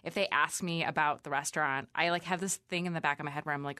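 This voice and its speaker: A woman with a low voice talks through her story in a relaxed interview. She leans on "like" and "you know," and slips into quick voices of the people she quotes. The sound is dry and close, with no room around her. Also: clear, resonant tone, no room sound. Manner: chatty, frequent "like" fillers, quoting others in lively voices. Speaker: chef and restaurant owner, guest. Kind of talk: casual interview conversation.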